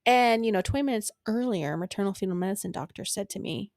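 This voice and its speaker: A woman's voice: medium pitch, quick pace, few pauses, darkish tone, no echo, studio quality. A young woman hosting a podcast, telling a personal story in a casual, blunt and profane way, laughing along as she goes. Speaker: podcast host.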